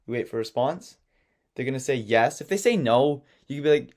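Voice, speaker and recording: A man, an agency founder, teaching an online sales lesson in an animated storytelling way, often checking in with "okay?" and "right?". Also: mid-range voice, fast.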